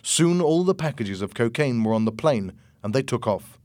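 A man narrating an audiobook chapter in a slow, measured, clear reading. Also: medium pitch, animated, a little mellow, no room sound.

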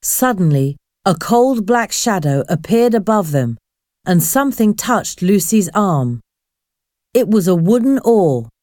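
A woman narrating a storybook at an unhurried, deliberate pace, with a lively rise and fall in her voice. The sound is dry and close. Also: mid-range voice, no room sound.

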